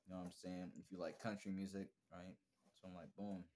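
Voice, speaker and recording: A young man with a slightly low voice rambles through a casual vlog story, leaning on bro and bruh. He talks in a candid, self-reflective way about how he has been feeling. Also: level tone, brisk, darkish tone, slight background noise. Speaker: vlogger.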